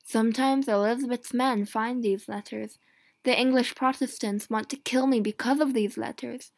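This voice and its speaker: A woman reading an audiobook in the first person, with a measured, earnest delivery that turns emphatic in pleading passages. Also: fairly high pitch, fairly even intonation, no echo, clean studio sound. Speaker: audiobook reader.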